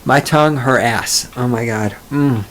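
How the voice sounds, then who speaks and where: A man's voice: medium pitch, unhurried, a bit bright, a little hiss or hum. A man hosting a solo podcast, rambling and profane, mocking himself as he goes off topic. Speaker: podcast host.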